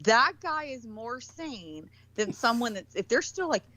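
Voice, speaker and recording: Animated woman telling a story. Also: fairly high pitch, a little slow, poor audio. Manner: animated storytelling, mimics people she quotes; swears casually. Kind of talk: casual chat.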